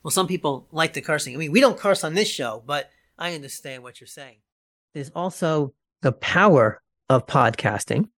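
A podcast host chatting with guests, lively and quick to laugh. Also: mid-range voice. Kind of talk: casual interview chat.

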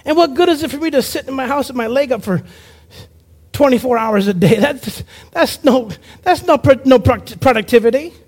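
Brief: man with a very high voice, preacher giving a lively testimony, acts out the voices in his story. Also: moderate pace. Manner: animated storyteller who acts out quoted voices. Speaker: preacher and evangelist. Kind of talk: personal testimony sermon.

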